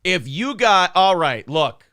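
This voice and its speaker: Man, show host, casual joking chat, slightly high voice, dry recording. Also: sing-song, slow, pushed and bright, no room sound. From Minnesota. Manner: joking, loose, many fillers. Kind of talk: casual chat and reading donor messages.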